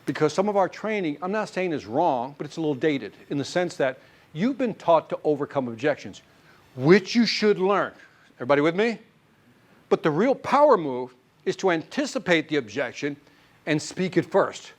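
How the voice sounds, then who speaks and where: Male sales trainer, lively and fairly high-pitched, teaching a live class with lots of audience questions. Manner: animated, quizzes the audience with quick questions. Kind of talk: live sales seminar talk.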